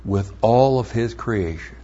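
A man teaching from the Bible, slow and emphatic, repeating key phrases for emphasis. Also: fairly low pitch, warm tone, breathy edge. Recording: dull lo-fi recording.

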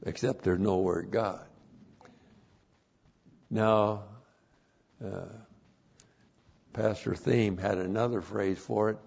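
A male pastor teaching a passage word by word, spelling out Greek terms and bursting into loud emphatic phrases. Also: on the low side, steady tone, slow, vocal fry, long pauses, breathy edge, dull audio. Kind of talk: expository Bible teaching.

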